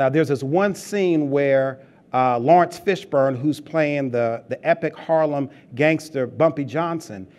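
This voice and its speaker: Male pastor preaching, jokey and chatty, calls out to the church, voice a bit on the high side. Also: a little mellow, slight background noise. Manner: humorous, conversational preaching with call-outs to the congregation. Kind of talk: sermon. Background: congregation laughing.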